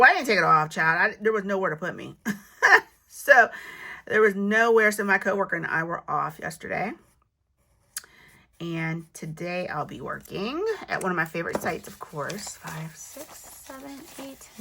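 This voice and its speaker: Bright-voiced chatty woman counting cash. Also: medium pitch, vocal fry. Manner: chatty, counts money aloud, self-teasing. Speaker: budgeting vlogger. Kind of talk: casual chat while counting cash.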